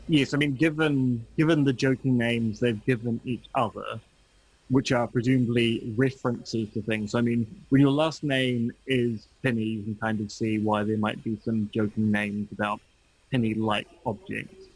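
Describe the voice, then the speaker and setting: A man's voice: mid-range voice, steady tone, normal speed, slightly rough, low-quality recording. A man co-hosting a podcast, chatting casually and making dry, wry quips. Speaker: podcast co-host. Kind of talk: casual chat.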